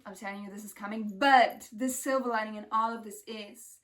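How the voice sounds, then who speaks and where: A woman's voice: on the high side, fairly even intonation, fast, fairly bright tone, distant mic. Intense, emphatic woman spiritual vlogger. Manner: emphatic, intense, heavy use of "like". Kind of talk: casual spiritual vlog talk.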